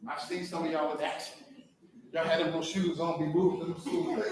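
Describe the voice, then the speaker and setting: High-voiced man preaching to a hall. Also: a little fast. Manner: preacher-like, fires rhetorical questions at the crowd. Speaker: school district leader addressing staff. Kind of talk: motivational speech to a live audience. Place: large echoey hall. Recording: echoey hall from far off with faint noise.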